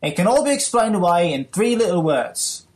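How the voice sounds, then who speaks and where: Man putting on a snooty British gentleman. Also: high voice, very animated, moderate pace. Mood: haughty. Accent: put-on British. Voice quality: mock-haughty, profane. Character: pompous self-styled British gentleman caller. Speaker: caller. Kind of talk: comic voicemail rant.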